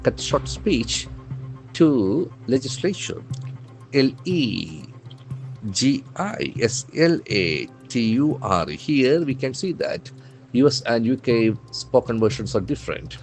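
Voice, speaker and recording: A man with an Indian English accent teaching English vocabulary from the day's newspaper, spelling words letter by letter and repeating them slowly for practice. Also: mid-range voice, big pitch swings. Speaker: English trainer. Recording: faint music behind.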